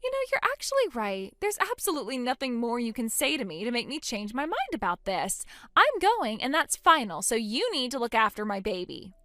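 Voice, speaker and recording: A woman's voice: a little high, very animated, fairly quick, few pauses, fairly bright tone, dry recording. A woman voicing a selfish young mother who dismisses her own baby, in scripted dialogue. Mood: scornful. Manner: scornful, dismissive, sneering. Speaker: voice actor in a text-story drama.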